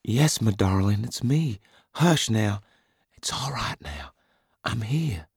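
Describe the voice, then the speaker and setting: A man voicing a tender woman who calms her partner after a nightmare. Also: fairly low pitch, takes it slowly, breathy edge, no room sound, studio quality, voice pushed up, full character voice. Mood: soothing. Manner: soft, gentle, hushing. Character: Joe, a tender soothing woman.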